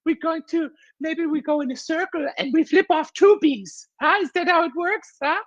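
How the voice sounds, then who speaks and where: A man's voice: extremely high pitch, moderate pace, dry recording, voice pushed up. A man putting on a silly, questioning joke character in dull lo-fi live stream audio.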